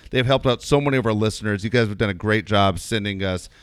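Smooth, low-voiced radio co-host. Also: male voice, fast, dry recording, clean studio sound. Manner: upbeat, agreeable sidekick. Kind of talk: casual talk radio with live ad reads.

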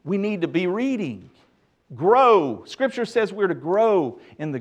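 A middle-aged man preaching a sermon as pastor, emphatic and lively with touches of humor. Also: high voice, a little slow.

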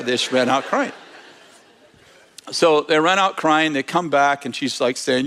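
Animated storytelling preacher, man. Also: a little high, measured pace. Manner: animated, self-correcting anecdote telling. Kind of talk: storytelling sermon.

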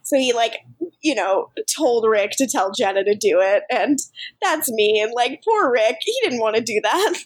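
A woman's voice: a little high, animated, measured pace. A woman co-hosting a podcast, animatedly recapping episodes in casual chat and laughing often. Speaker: podcast co-host.

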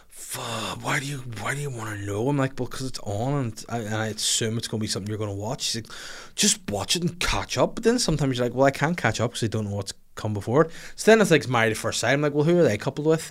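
A man, hosting a podcast and telling funny stories in a casual, swearing way. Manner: animated, swears a lot, puts on high squeaky voices for his daughter. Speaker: podcast host. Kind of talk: casual comedic storytelling.

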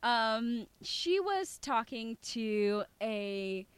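A woman co-hosting a casual political chat, animated, laughing often and mimicking others mid-sentence. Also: a little high, very slow, clean tone, no echo. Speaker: podcast co-host.

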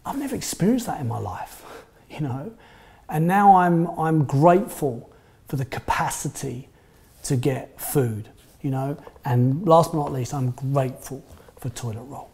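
Mellow pastor, chatty sermon. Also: male voice, medium pitch, animated, a little slow, a little hiss or hum. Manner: chatty, frequent "you know" fillers. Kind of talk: conversational sermon.

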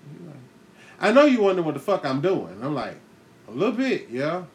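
Give me a profane man hosting a podcast, telling a comic story with lots of laughs, pitch bouncing all over. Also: brisk. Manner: profane, animated, laughs often, acts out voices. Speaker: podcast host. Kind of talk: comedic storytelling monologue.

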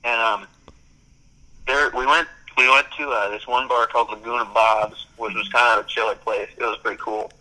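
A man's voice: medium pitch, steady tone, moderate pace, sharp tone, low-quality recording. A young man in casual chat, rambling through stories with lots of "like" and frequent laughs. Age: young adult.

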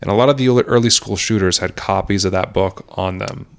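A young man co-hosts a podcast in loose, casual conversation. His voice sits a little low, and he rambles from joke to joke, laughing easily as he goes. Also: creaky. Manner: joking, rambling, quick to laugh. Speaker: podcast co-host. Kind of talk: casual chat.

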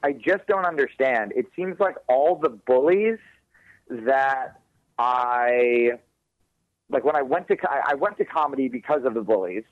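A man's voice: mid-range voice, expressive, measured pace, dry recording, narrow, tinny audio. A man who does stand-up comedy, talking casually in an interview, rambling, swearing and often laughing.

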